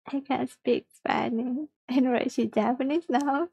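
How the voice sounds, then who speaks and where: A woman's voice: sits high, slow, gravelly, darkish tone, husky, no echo, highs cut off. A woman livestreaming a mobile game, chatting casually with viewers, reading chat aloud and giggling often.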